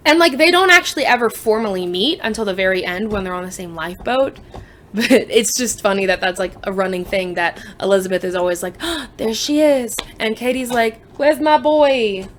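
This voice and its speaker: A young woman talks through her recent reads in a loose, chatty way. She is quick with sarcastic asides and jokes. A faint hiss sits under her voice. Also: mid-range voice, fairly bright tone. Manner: chatty, joking, frequent laughs and sarcastic asides. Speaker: book vlogger. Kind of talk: casual book review chat.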